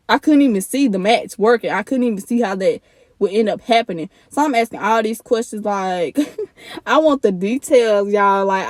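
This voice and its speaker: A young woman is telling a storytime vlog in casual, blunt talk, swearing and acting out each side of the argument. Her voice sits a little high. The sound is close and dry. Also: dry recording. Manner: blunt, animated, swears freely, quotes people in bursts. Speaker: vlogger.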